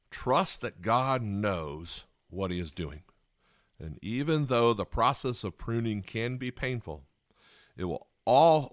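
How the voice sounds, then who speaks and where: A man's voice: low voice, no room sound, studio quality. A man preaching a sermon as pastor, repeating key lines and asking listeners rhetorical questions.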